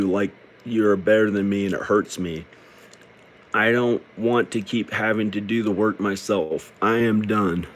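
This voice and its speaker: In a personal confession, a middle-aged video creator with a slightly low voice halts and rambles, sounding downcast and close to tears. A little hiss or hum sits under the recording.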